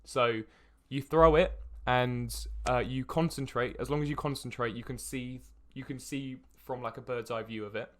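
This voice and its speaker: A young man narrating as dungeon master in a tabletop game, halting with many fillers. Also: mid-range voice, steady tone, fairly bright tone. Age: young adult. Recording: faint background hiss.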